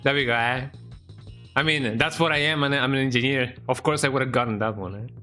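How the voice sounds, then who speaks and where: Relaxed man chatting while he streams a game. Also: mid-range voice, fairly quick, faint music behind. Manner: relaxed, rambling, tags lines with "eh?". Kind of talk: casual live-stream chat while gaming.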